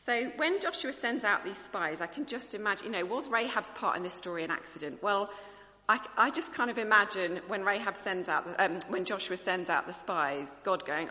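A woman's voice: fairly low pitch, brisk, sharp tone, big-room sound. A woman preacher giving a sermon. She speaks in an earnest, conversational way and thinks aloud as she goes.

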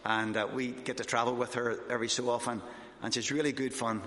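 A man with a Northern Irish accent gives a church talk at an eager, quick clip, rushing on like a storyteller carried away by his tale. His voice sits at an ordinary middle pitch and rings around a roomy church hall with a long trailing reverb. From Northern Ireland. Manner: fast, excitable storyteller. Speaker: missionary speaker.

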